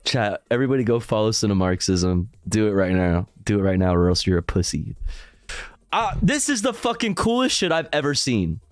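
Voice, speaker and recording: A man's voice: lowish voice, sing-song, brisk, dry recording. A young man streaming live, laughing in disbelief, swearing and reading headlines and chat comments aloud.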